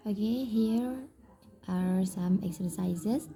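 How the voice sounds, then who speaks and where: A young woman with an Indonesian accent explaining a linguistics topic to classmates, halting, with many fillers and restarts. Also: mid-range voice, mellow. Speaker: student presenter.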